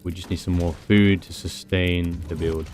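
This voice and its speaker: British male streamer, deep voice, chatty and rambling, game commentary with faint music behind. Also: little pitch movement, normal speed. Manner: chatty, rambling, self-mocking asides. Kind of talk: casual gameplay commentary.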